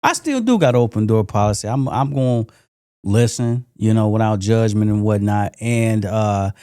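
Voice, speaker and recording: A middle-aged man co-hosting a talk podcast, telling a personal story in a relaxed, reflective way. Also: lowish voice, moderate pace, smooth, no room sound, clean studio sound. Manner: relaxed, reflective storytelling with frequent "you know". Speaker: podcast co-host. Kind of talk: casual round-table chat.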